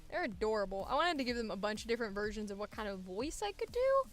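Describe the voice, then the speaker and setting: A woman's voice: mid-range voice, big pitch swings, quick pace, soft background music. A young woman voice actor chatting to herself casually while working, muttering at her computer and swearing now and then.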